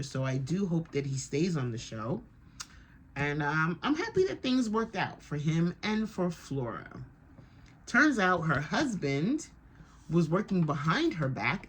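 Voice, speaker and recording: A woman's voice: fairly low pitch, a little hiss or hum. A woman vlogger giving a casual, rambling and opinionated recap of a TV episode. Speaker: TV reaction vlogger.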